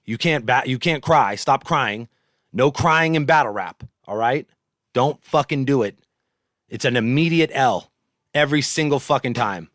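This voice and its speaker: A man's voice: medium pitch, a bit bright, no echo. A man in his thirties from San Jose, California, giving blunt, profanity-heavy casual commentary on battle rap. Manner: blunt, profane, trash-talking.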